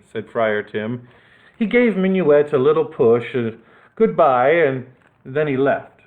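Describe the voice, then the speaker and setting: A male children's librarian reading a picture book aloud, animated and playful with asides. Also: medium pitch, a little slow, low-quality recording.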